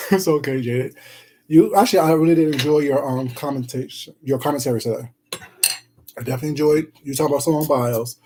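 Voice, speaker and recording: A man's voice: medium pitch, steady tone, fast, a little mellow, a little hiss or hum, low-quality recording. A man live-streaming himself eating, chatting casually and greeting viewers in the chat with pet names like "baby" and "sweetheart".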